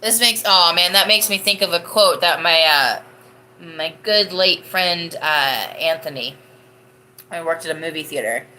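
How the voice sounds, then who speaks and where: A woman's voice: lowish voice, unhurried, bright, forceful tone, slight background noise. A young woman hosting a live podcast, chatting casually and rambling as she answers viewer comments, laughing often. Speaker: livestream podcast host.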